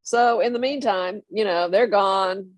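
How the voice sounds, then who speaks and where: An older person telling a family story in a lively way, often laughing and acting out the others. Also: medium pitch, measured pace, dry recording. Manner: animated, laughing anecdote telling. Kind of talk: oral history storytelling.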